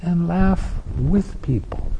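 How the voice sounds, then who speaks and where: A man giving a meditation talk, gentle and amused, who acts out his students' complaints. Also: on the high side, slow, gravelly, slight background noise, poor audio. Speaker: meditation teacher. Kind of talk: dharma talk.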